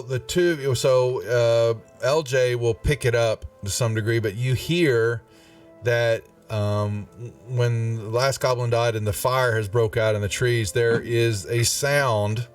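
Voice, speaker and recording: List: man, game master, casual drawl, distant mic. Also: mid-range voice. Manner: casual, drawling, many fillers. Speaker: dungeon master. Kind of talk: narrating a tabletop game. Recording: voice from off the mic, faint music.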